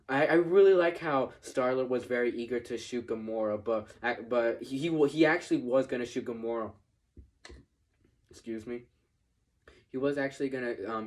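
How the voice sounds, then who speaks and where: A man talks through a film review in a loose, unscripted way. He stumbles and restarts his phrases often, fills pauses with ums and uhs, and swears casually. His pitch sits right in the middle for a man. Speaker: movie reviewer. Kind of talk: casual spoken movie review.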